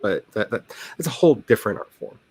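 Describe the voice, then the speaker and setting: A man's voice: lowish voice, sing-song, fast, a little mellow, slight background noise. A man hosting a writing livestream, chatting casually in a rambling, joking, self-deprecating way. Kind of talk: casual chat.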